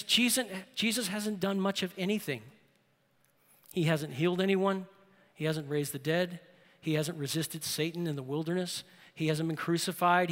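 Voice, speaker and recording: High bright-voiced male preacher in a hall. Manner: storytelling, drops low and slow for emphasis, rises loud when exhorting. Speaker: pastor. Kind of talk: sermon.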